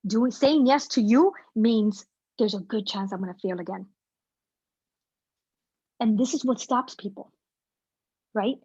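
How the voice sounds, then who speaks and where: A woman guest speaker giving a casual, energetic motivational talk to a team over a video call, with plenty of slang. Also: fairly high pitch, unhurried, pauses often, slightly rough, dry recording, muffled recording.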